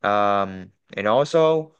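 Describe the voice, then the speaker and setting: Slow, very smooth-voiced male student. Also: lowish voice, expressive, dull audio. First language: Vietnamese. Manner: hesitant, many fillers and restarts. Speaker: IELTS student. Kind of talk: practice exam answer.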